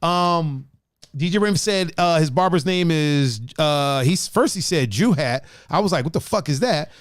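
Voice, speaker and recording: A man hosting a podcast in casual chat, animated and profane, laughing often. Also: on the high side, a little slow, clear, resonant tone, dry recording, clean studio sound. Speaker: podcast host.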